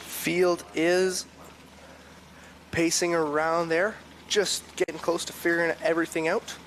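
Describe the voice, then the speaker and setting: High-pitched man calling race lineups. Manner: rapid lineup roll call, then excited calls. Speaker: race commentator. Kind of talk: live play-by-play commentary. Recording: noisy trackside broadcast with engine noise.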